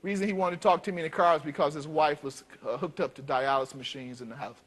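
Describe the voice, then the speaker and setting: A male pastor from Detroit preaching a storytelling sermon, emphatic, with big swings in pitch and loudness. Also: fairly even intonation, fast. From Detroit, United States.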